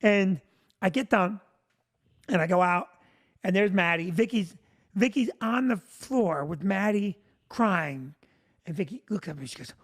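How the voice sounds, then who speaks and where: A male comedian telling a long comic story, animated and breaking into shouted punchlines. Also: sits high, unhurried, long pauses.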